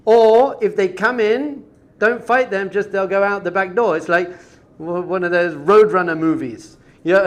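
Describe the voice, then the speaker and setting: Animated high-voiced male rabbi. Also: measured pace. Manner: animated, conversational, rhetorical questions. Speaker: rabbi teaching. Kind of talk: Torah class with storytelling.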